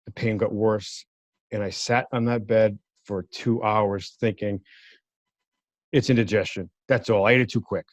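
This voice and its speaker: A man's voice: fairly low pitch, a little mellow, no echo. Male guest, lawyer, vivid storyteller who acts out quoted voices; dry, somewhat dull recording. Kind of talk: personal story in an interview. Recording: dry, slightly dull sound.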